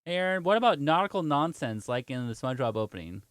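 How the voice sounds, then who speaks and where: A man's voice: medium pitch, very animated, fast, fairly bright tone, no room sound, clean studio sound. A man streaming games, chatting casually and telling a story with lots of laughter while answering viewer chat. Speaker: gaming streamer.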